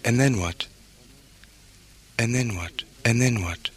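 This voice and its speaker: A man's voice: medium pitch, slow, slightly rough, no echo. A man performing a repetitive spoken-word piece, chanting the same phrases over and over. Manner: incantatory, repeating phrases over and over. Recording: loud noise with clicks.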